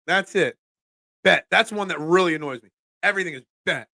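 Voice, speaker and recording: A man hosting a casual sports talk show, ranting in an animated, self-deprecating way. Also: high-pitched, a little fast, vocal fry, dry recording.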